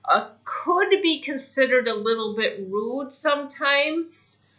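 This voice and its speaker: Bright-voiced woman teaching English. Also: high voice, expressive, dull audio. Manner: chatty, repeats example phrases slowly. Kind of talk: casual spoken lesson.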